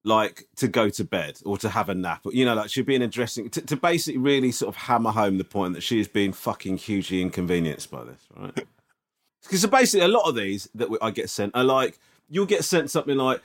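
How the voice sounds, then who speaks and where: A man's voice: fairly low pitch, fast. A man in casual podcast chat, telling a story with swearing and lots of asides. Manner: animated storytelling, swears often. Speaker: podcast co-host.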